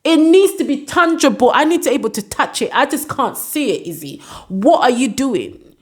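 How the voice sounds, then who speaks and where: A woman's voice: high voice, sing-song, normal speed. A woman voicing a demanding young woman who insists on being shown appreciation with gifts.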